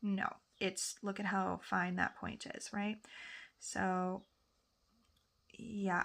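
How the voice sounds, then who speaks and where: Talking slowly as she paints, a nail technician from Canada keeps up casual tutorial chatter and keeps fixing her own sentences partway through. Her voice is mid-range and creaky, and the recording is very noisy.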